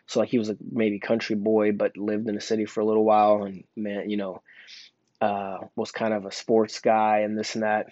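A young man, a store employee, rambles casually through a personal story about work, full of fillers and restarts. His lowish, slightly mellow voice is completely flat at a normal speed. The recording is dull, lo-fi and dry, with no room sound.

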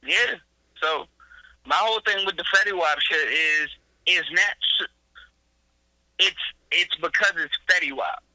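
A young man co-hosting a podcast in casual chat, blunt and slangy, reasoning his points out loud. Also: a little high, a little slow, pauses often, no room sound, rough recording. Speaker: podcast co-host.

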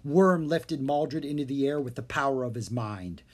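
A narrator reading a children's fantasy book aloud with steady storytelling. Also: medium pitch, normal speed. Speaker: audiobook narrator.

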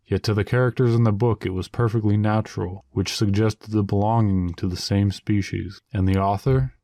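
A man reading a story aloud in a dry, deliberate storytelling manner. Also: lowish voice, darkish tone, no echo. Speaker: reader. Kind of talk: audiobook narration.

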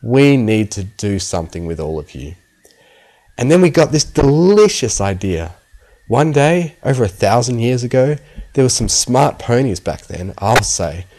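A man's voice: mid-range voice, sing-song, a little slow, darkish tone, voice pushed up. A man voicing a gleeful, sinister male pony scientist who mocks and gloats theatrically. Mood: gloating.

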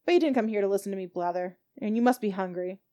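A homely, talkative village landlady, as a woman game master voices her. She sounds mid-pitched and chatters on in a hospitable way. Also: quick pace, warm tone, lightly acted.

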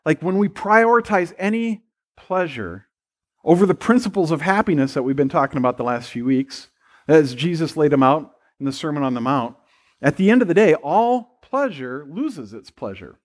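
A man's voice: fairly high pitch, animated, moderate pace. A middle-aged man, a pastor, preaching a conversational sermon and acting out playful quoted voices.

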